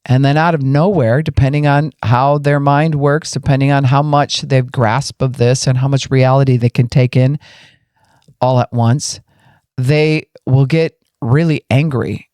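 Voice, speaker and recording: On a podcast about grief and emotions, a man gives an earnest teaching talk, walking through emotions step by step and acting out people's inner voices in quoted lines. His mid-range voice is steady, measured in pace, a little mellow, and clean, captured in a dry, studio-quality recording.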